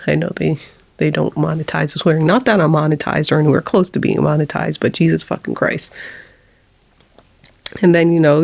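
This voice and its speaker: A woman's voice: low voice, vocal fry, darkish tone. A woman who runs a small video channel, talking candidly to her camera at home, rambling, swearing and sometimes dropping to a whisper. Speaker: small YouTube creator. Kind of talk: personal confessional vlog.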